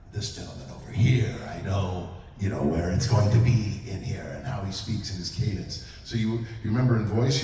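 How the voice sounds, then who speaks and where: A man who voices characters, answering a fan's question at a convention panel in an animated way, with lots of restarts. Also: lowish voice. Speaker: voice actor guest on a convention panel. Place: large convention hall. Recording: roomy hall from far off.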